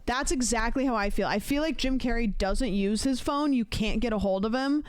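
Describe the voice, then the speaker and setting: Casual rambling woman streamer, smooth voice. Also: on the high side, moderate pace. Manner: rambling, playful, swears casually. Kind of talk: casual chat, ranking celebrities' texting habits.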